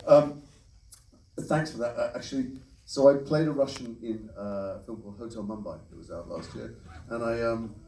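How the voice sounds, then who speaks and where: A man, a voice actor on a convention panel, answering audience questions in a quick, rambling way. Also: mid-range voice, mellow. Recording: echoey hall, distant mic, faint noise.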